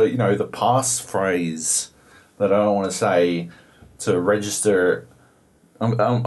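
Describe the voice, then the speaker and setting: A young Australian man co-hosting a podcast, telling a story in a profane, exasperated way. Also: on the low side. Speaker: podcast co-host. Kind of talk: casual chat about video games.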